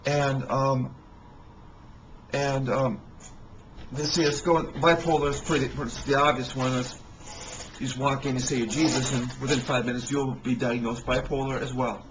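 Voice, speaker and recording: A man telling rambling personal stories in a halting way, with many restarts and fillers. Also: medium pitch, level tone, noisy background.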